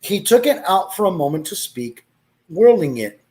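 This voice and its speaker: A man's voice: high voice, big pitch swings, normal speed, a little mellow. A man reading a story aloud, breaking off to laugh and make asides, with Spanish exclamations.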